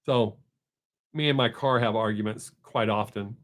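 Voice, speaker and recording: This middle-aged man talks at normal speed in a fairly low voice while hosting a live stream. The chat with his viewers is loose and profane, rambling along with many restarts.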